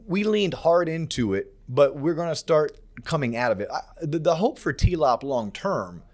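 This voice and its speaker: A man's voice: a little high, expressive, normal speed, darkish tone. A man hosting a casual podcast, talking emphatically and acting out conversations he quotes. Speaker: podcast host.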